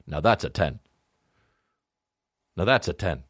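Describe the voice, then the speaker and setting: A man hosting a comedy podcast, ranting profanely and swinging between excited highs and low mutters. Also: slow pace, no echo, clean studio sound. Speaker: podcast host. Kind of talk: solo comedy podcast rant.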